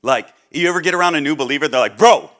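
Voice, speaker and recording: A man preaching a sermon as a guest speaker, joking and acting out the people he quotes, then dropping low and quiet for serious points. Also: racing. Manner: animated, jokey, acts out quoted people.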